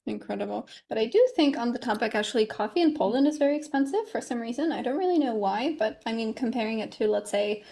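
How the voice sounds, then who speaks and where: Woman host asking measured questions. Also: on the high side, expressive, vocal fry, warm tone. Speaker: podcast host. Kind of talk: casual interview.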